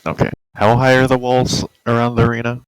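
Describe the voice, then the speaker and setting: A man playing a tabletop game, speaking in a halting way and checking the rules. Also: mid-range voice, completely flat delivery, smooth, dry recording, rough recording. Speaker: player.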